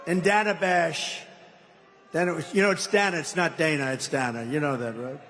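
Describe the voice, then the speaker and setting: Speaking slightly high and a bit bright, with lively intonation at a moderate pace, an older candidate works a big rally crowd through rambling, mocking remarks and teasing asides. The hall adds long reverb and faint ambience, plus slight background noise.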